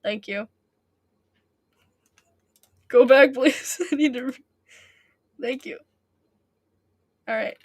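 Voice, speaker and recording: A woman reads a fan novel aloud and breaks into casual, giggly asides. She takes her time, often stumbling and restarting her words. Her voice sits a little high, and the sound is close and dry. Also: slow, long pauses, no echo. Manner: giggly, laughs often, trips over words. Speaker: audiobook reader.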